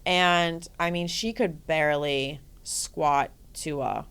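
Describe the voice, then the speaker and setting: A woman fitness coach as a podcast guest, telling stories in a casual, energetic way, swearing freely and often adding "right?". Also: deep voice, takes it slowly, smooth. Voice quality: profane, energetic, frequent "right?" and "like". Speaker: guest, bodybuilding and life coach. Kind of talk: casual storytelling interview.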